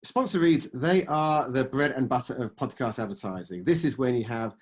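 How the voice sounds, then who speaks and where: Man in his forties pitching ad products. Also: expressive, normal speed, breathy edge. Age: 40s. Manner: pitching, with fillers, trailing off at ends. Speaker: ad sales presenter. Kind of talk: business presentation.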